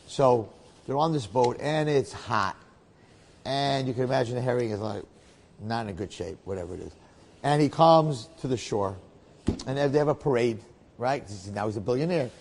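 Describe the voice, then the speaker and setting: A man, a rabbi, telling a story in a talk in an animated way, often checking in with his listeners. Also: medium pitch, normal speed, big-room sound, a little hiss or hum.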